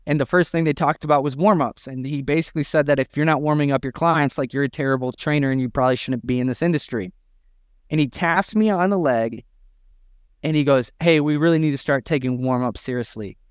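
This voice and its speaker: A man's voice: fairly high pitch, brisk, clear, resonant tone, no room sound, clean studio sound. Emphatic man preaching business lessons. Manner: emphatic, preachy, acts out quotes. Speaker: podcast co-host, gym owner. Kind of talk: energetic business podcast talk.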